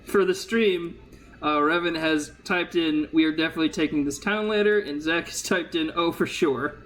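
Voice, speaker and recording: High-voiced man running a tabletop game. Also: normal speed, a bit bright, a little hiss or hum, poor audio. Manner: laughs often, swears casually. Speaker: game master. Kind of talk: narrating a tabletop game on a stream.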